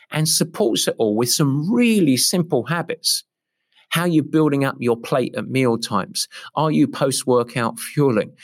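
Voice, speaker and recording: A middle-aged man, an endurance coach, explaining a training approach with emphatic, repetitive enthusiasm. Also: mid-range voice. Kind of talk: podcast-style coaching explanation.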